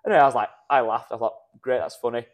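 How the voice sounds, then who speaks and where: A man's voice: mid-range voice, steady tone. A man co-hosting a casual podcast chat, telling anecdotes and giving friendly advice. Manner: fast-talking storyteller, gives friendly advice. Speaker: podcast co-host.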